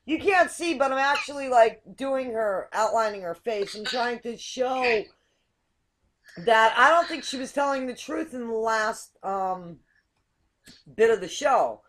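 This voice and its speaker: A woman's voice: on the high side, measured pace, a bit bright, slight background noise. An American woman hosting a casual video call chat, hesitant with many ums and frequent laughs. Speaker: show host.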